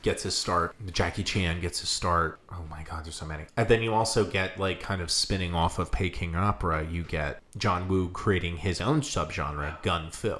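Casting: animated male podcast co-host, lower voice with a bright edge, opinionated, big laugher. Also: moderate pace, hardly any pauses. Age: 30s. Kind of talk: casual chat.

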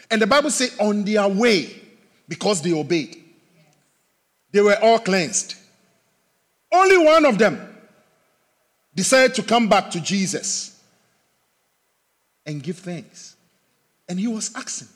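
A male pastor preaching a sermon, swelling loud and then dropping soft. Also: high voice, sing-song, unhurried, pauses often, husky. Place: church sanctuary. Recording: reverberant hall.

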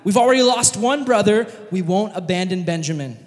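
Man reading a pleading older brother, high and urgent, big hall echo. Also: expressive, fairly quick. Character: desperate grown man pleading for his brother. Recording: long reverb of a large hall.

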